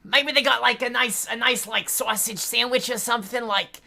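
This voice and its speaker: A woman voicing a dim, cheerful, food-obsessed character who rambles loudly and hesitantly. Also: a little high, moderate pace, creaky, heavily acted. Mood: hungry.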